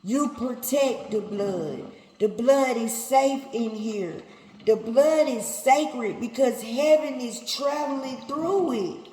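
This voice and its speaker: A woman's voice: a little high, slow pace, warm tone. A woman preacher delivering a sermon, emphatic and repetitive, talking straight to her listeners. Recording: echoey hall, faint ambience.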